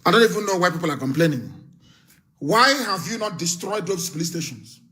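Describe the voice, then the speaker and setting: A Nigerian man speaks in a high, bright voice on a live broadcast. His delivery is fiery and forceful, and he hammers home repeated warnings and threats. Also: big pitch swings, a little fast, a little hiss or hum. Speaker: political activist broadcaster. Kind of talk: live radio broadcast speech.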